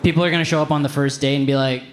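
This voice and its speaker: A man performing a stand-up comedy set on stage, animated and slipping into high put-on voices for the people in his stories. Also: racing. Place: comedy club stage with a live audience. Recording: live venue with crowd noise. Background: audience laughter.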